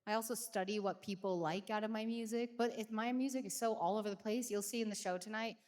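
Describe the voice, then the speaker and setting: A woman's voice: medium pitch, steady tone, fast, a little mellow, long reverb tail. A woman in her thirties, a singer, chatting casually and rambling animatedly with many fillers. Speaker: singer answering fan questions. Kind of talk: casual Q&A chat. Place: backstage at a concert venue.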